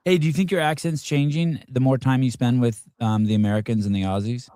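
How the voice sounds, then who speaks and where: A man hosting a casual interview, asking questions in a halting way with frequent restarts and "um"s. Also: medium pitch, fairly even intonation, dark tone, smooth. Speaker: podcast host.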